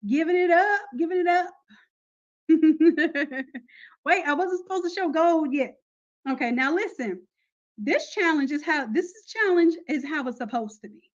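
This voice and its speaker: High-voiced, chatty woman teaching online. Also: animated, measured pace, highs cut off. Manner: chatty, upbeat, uses y'all and slang. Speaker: online course instructor. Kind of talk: casual live class talk.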